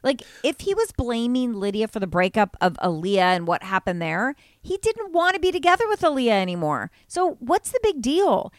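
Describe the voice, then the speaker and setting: A woman co-hosting a podcast in casual gossip chat, animated and swearing freely. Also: a little high, moderate pace, hardly any pauses, no room sound, studio quality. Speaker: podcast co-host.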